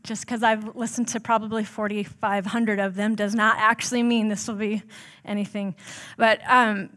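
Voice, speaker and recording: A woman's voice: medium pitch, little pitch movement, moderate pace, fairly bright tone. Woman on church staff, informal self-deprecating sermon, chatty delivery. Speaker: church staff member preaching. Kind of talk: conversational sermon.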